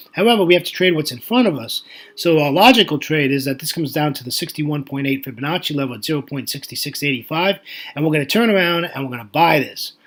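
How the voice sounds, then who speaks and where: Husky-voiced male market analyst. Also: fairly high pitch, a bit bright. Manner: chatty, folksy, thinks aloud with fillers and restarts. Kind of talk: chart commentary voice-over.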